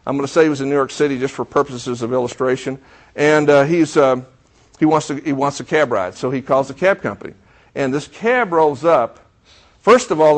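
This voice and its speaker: A middle-aged man preaching a sermon, telling a story and acting out the dialogue while asking the congregation questions. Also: fairly high pitch. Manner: storytelling, acts out quoted dialogue. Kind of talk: sermon illustration.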